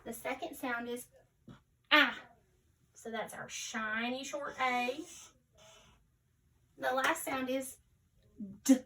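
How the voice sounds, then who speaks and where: A high, bright-voiced woman leads a children's phonics lesson, sounding out each word letter by letter at an unhurried pace. She stays patient and cheerful, calling her viewers friends, and her voice sits a little away from the mic. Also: fairly even intonation, distant mic, poor audio. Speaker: teacher. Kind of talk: early-reader phonics lesson.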